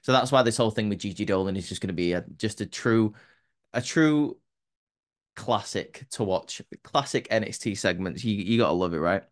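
A man's voice: fairly low pitch, moderate pace. A man casually recapping a wrestling show, rambling with many fillers and restarts. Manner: rambling, many ums and restarts, laughs at own jokes.

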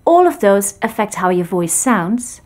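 A woman voice trainer narrating an online speech course in a clear, demonstrative instructor manner, over light background music. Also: medium pitch, very animated, a little slow, darkish tone.

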